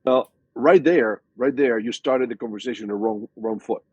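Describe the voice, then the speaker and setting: A man in his sixties, a guest in an interview, tells workplace stories in a lively, casual way, often repeating words and restarting sentences. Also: mid-range voice, moderate pace, husky, dry recording, highs cut off. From Hispanic background, from a Spanish-speaking country. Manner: animated storytelling with frequent restarts and repeated words. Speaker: guest speaker.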